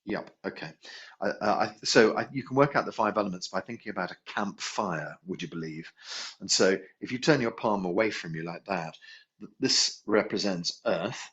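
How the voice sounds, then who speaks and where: A man teaches a healing class in a low voice with lively intonation, a moderate pace, and a fairly bright tone. He muses aloud, corrects himself, and chuckles as he goes, in a relaxed instructional way. The recording is dull and lo-fi.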